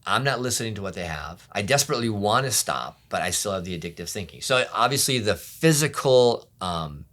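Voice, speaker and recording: A middle-aged pastor telling his own story in an interview, candid and often quiet, acting out the voices of people around him. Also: lowish voice, lively intonation, a little fast. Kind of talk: personal testimony interview.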